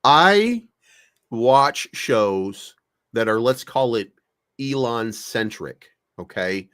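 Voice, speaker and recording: Animated, swearing man ranting. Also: mid-range voice, extremely slow, smooth. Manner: animated, swearing, rants with mock quotes. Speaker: co-host of a crypto talk show. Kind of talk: casual chat. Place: online audio room.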